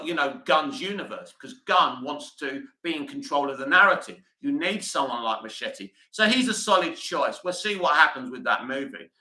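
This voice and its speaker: A man's voice: fairly high pitch, bright, forceful tone, roomy sound, poor audio. A British man hosting a live stream, reading comments aloud and answering them bluntly in casual chat.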